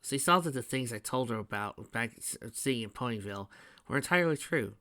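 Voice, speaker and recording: A man reading his fan fiction aloud in the first person, plain and steady. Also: mid-range voice, brisk, dry recording, studio quality. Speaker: narrator.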